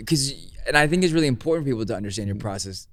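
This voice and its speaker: A man co-hosting a podcast, making quick joking interjections. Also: medium pitch, expressive, fairly bright tone. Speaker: podcast co-host. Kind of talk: casual conversation.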